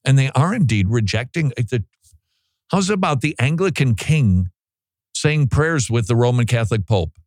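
A man hosting a talk show, giving sarcastic, animated commentary. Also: mid-range voice, normal speed, dry recording. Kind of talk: opinionated commentary.

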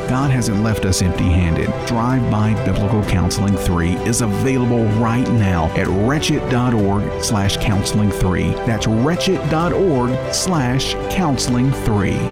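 Male announcer, steady promo read, loud music bed. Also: medium pitch. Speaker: radio co-host and announcer.

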